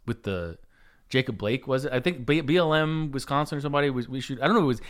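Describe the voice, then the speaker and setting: A man's voice: mid-range voice, fast. A man hosting a podcast in casual chat, laughing often and restarting his sentences. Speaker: podcast host.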